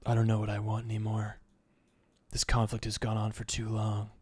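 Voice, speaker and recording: A man voicing a disillusioned male fighter who sounds flat and tired. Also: fairly low pitch, normal speed, breathy edge, dry recording. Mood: weary.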